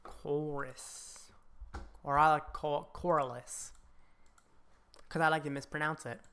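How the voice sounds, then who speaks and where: A woman's voice: low-pitched, flat delivery, a little slow, a bit bright, clean tone. A woman giving casual, muttered commentary while playing a card game, reassuring herself that every setback is fine.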